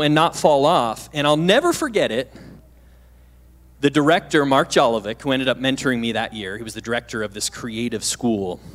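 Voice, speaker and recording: A man's voice: a little high, a bit bright. A man in his thirties preaching as a guest pastor, telling a personal story with jokes and questions to the congregation. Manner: chatty, self-deprecating, asks the audience questions. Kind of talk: sermon storytelling with humor. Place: church stage.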